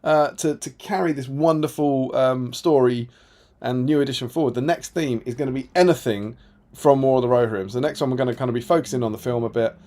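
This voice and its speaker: A man's voice: medium pitch, a little fast, warm tone. A man co-hosting a casual live stream, reading viewer comments aloud with a chatty, laughing manner. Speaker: co-host reading chat comments.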